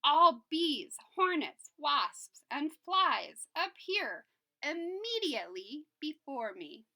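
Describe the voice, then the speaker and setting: A woman voicing an angry king in a children's story, shouting his commands. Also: sits high, big pitch swings, takes it slowly, voice pushed up, exaggerated voice. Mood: furious. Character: furious proud male king, human-sized.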